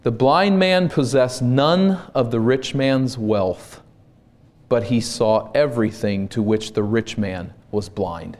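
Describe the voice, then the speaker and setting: A man from Minnesota preaching a sermon as pastor, slow and deliberate, building to loud emphasis. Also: medium pitch.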